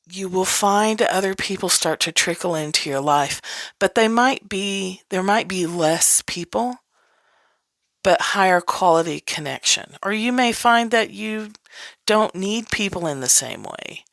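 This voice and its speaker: A woman's voice: mid-range voice, lively intonation, measured pace, a bit bright, no room sound. A woman hosting a podcast in a casual, candid teaching style, laughing often and swearing freely. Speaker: podcast host.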